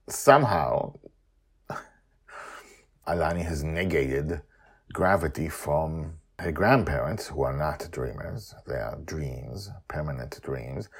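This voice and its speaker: A man reading his own fantasy story aloud, animated, breaking into excited voices for the characters and then chatting about the series. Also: extremely low pitch, breathy edge. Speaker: author and narrator.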